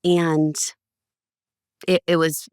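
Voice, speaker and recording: Animated woman guest, low voice, dry close mic, storytelling. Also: extremely slow, clean tone, no room sound. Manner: animated, acts out quotes with big pitch jumps. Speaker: podcast guest. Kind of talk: casual storytelling.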